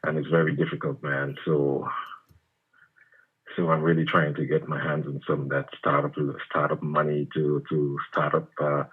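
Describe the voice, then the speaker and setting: Male phone-in caller, very low and breathy, hesitant, tinny line. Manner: halting, many fillers. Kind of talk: phone-in call.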